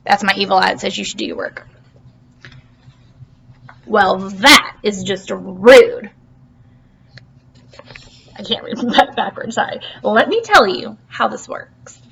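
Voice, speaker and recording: A woman's voice: on the high side, fairly bright tone. Playful woman teacher reading to her class. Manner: playful, asks the class questions. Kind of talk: reading a storybook to a class by video.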